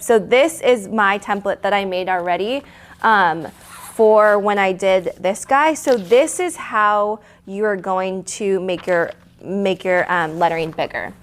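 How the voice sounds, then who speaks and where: A woman's voice: mid-range voice, a little hiss or hum. A woman leading a live lettering lesson, chatty and encouraging, with fillers and restarts. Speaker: art instructor.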